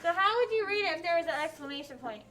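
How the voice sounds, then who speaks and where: High, bright-voiced woman teaching a class. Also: fast. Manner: expressive, questioning, coaxing children to answer. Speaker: elementary school teacher. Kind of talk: classroom instruction.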